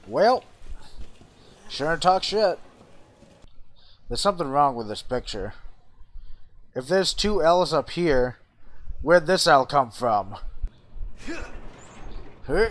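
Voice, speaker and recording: A young man giving let's play commentary over a horror game, excitable, swearing often and bursting into laughter. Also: on the high side, slow pace, pauses often.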